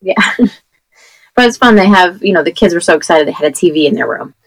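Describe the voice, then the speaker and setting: A woman's voice: lowish voice, expressive, fast talker, creaky, no room sound, poor audio. A woman in her thirties from New Jersey, co-hosting a podcast, rambling chattily and losing her voice. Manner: rambling, chatty storytelling with fillers. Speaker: podcast co-host. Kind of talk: casual chat.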